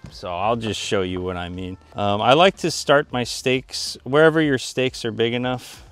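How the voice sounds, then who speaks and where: A man hosting a fishing channel, talking casually to the camera from a small boat and later from his dock, excitable when fishing and calmer and chatty when cooking. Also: mid-range voice, moderate pace, dry recording, faint music behind. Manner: excitable, yells and laughs when a fish bites; calm and chatty back at the dock. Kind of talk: casual vlog narration. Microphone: camera mic, later with a wind cover.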